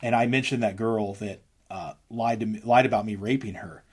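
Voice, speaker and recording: Male guest, 30s, low husky voice; earnest, rambling storyteller. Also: moderate pace. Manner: rambling, earnest, many restarts and fillers. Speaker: interview guest, musician. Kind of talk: candid storytelling interview.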